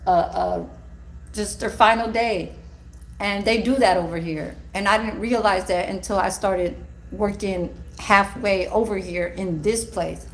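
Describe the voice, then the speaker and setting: A woman who works at a care home, telling a casual, animated story. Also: mid-range voice, a little hiss or hum. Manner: gossipy, animated, swears and laughs while telling.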